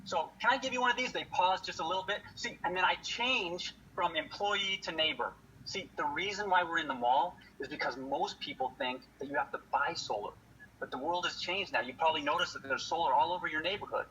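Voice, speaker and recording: A man with a high, bright voice delivers an energetic sales training talk. He acts out customer exchanges as he goes. The audio is slightly dull, with faint noise underneath. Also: brisk. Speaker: solar sales presenter.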